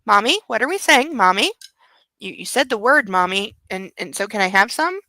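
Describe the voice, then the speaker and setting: A woman's voice: mid-range voice, animated, normal speed, bright, forceful tone, no room sound. A woman voicing an eager male puppy who begs for food with whiny, repetitive pleading.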